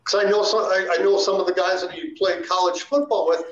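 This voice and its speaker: A man's voice: high voice, fairly even intonation, a little fast. A man co-hosting a podcast interview, chiming in with what he knows from others. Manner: chiming in with side knowledge. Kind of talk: casual interview chat. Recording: dull echoey room sound.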